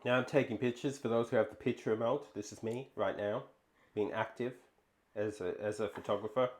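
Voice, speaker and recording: A woman's voice: very deep voice, steady tone, fairly quick, a little mellow. A woman co-hosting a casual cooking stream, talking hesitantly with fillers and restarts. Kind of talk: casual chat.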